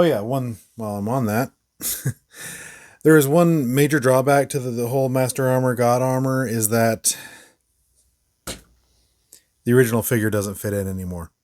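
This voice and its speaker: A man talks through a toy review in a loose, rambling way. He pauses on fillers and breaks into short laughs. His pitch sits in the ordinary middle range. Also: darkish tone. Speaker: toy reviewer, channel host. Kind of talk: casual product review.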